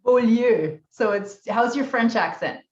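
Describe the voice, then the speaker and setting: A woman's voice: a little high, unhurried. Cheerful woman on a roomy, dull call. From Canada. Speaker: guest, fitness convention founder. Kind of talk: casual interview chat.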